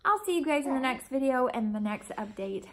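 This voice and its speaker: A woman's voice: sits high, animated, brisk, a little hiss or hum, low-quality recording. A woman vlogging a casual update to her viewers, gushing and affectionate, with frequent ums. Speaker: vlogger and mother of a newborn.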